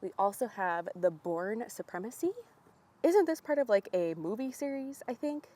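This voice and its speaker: A young woman vlogging outdoors at little free libraries, chatting with bubbly excitement and reading book blurbs aloud. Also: medium pitch, normal speed. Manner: bubbly, excited, laughs often.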